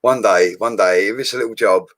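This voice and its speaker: A fairly quick man's voice, on the low side with a fairly bright tone, comes through with no room sound. He's hosting a live stream from a home studio, laughing a lot and talking in upbeat slang as he reads comments from viewers.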